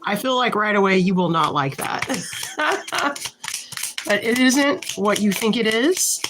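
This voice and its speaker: A woman's voice: mid-range voice, expressive, noisy background. A woman giving a casual tarot reading to camera, thinking aloud as she shuffles and pulls cards, frank and a little irritated. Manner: slow, halting, thinks aloud while shuffling and pulling cards. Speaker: tarot reader.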